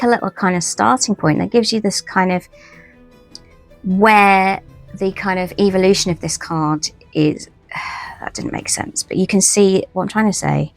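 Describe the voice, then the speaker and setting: A woman's voice: lowish voice, creaky. A woman chatting casually in a haul video about her new tarot decks. She rambles, restarts her sentences and pokes fun at herself. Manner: chatty, rambling, self-deprecating, many restarts. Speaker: tarot vlogger.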